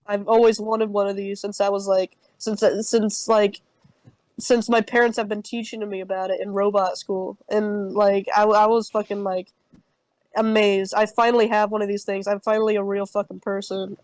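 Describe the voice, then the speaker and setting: A woman's voice: mid-range voice, fairly even intonation, normal speed, darkish tone, no room sound, poor audio. A young woman telling an improvised comic campfire story on a podcast, rambling with heavy swearing and many fillers. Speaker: podcast co-host.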